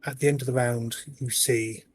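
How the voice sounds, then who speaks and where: A man acting as game master, narrating the end of a round and closing the session in an unhurried, encouraging way. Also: medium pitch, steady tone, slightly rough.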